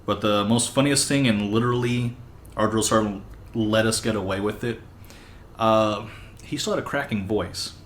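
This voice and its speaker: A man in his thirties hosting a casual chat, recalling stories in a relaxed, rambling way. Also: lowish voice, normal speed. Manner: relaxed, rambling, many fillers. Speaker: podcast host. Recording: roomy with faint background hiss.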